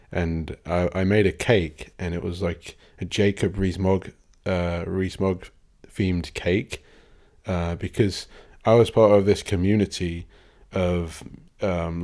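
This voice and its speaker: A man with a deep, low voice hosts a casual solo podcast. He rambles and swears, cutting himself off mid-word and chuckling between thoughts. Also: a little mellow. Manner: rambling, sweary, self-interrupting, laughs often. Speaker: podcast host.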